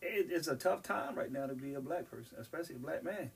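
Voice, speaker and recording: A man's voice: a little high, expressive, fast talker, vocal fry, recorded from a distance, over a noisy crowd. A man in casual podcast chat, earnestly recounting news clips he has seen.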